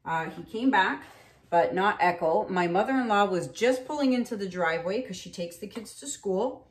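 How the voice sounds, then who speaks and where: A woman in her thirties talks her way through an acrylic pour painting session, chatty and rambling, full of "anywho" and "um". Her voice sits at an ordinary pitch and bounces around an echoey room. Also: lively intonation, moderate pace. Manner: chatty, rambling, with frequent fillers. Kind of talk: casual painting tutorial with storytelling.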